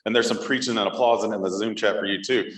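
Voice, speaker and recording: A man's voice: lowish voice, fairly even intonation, fast, a bit bright, reverberant, low-quality recording. A man co-hosting a live podcast in front of a conference audience, joking and asking the crowd for their thoughts. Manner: playful, jokey, engages the crowd. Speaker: podcast co-host.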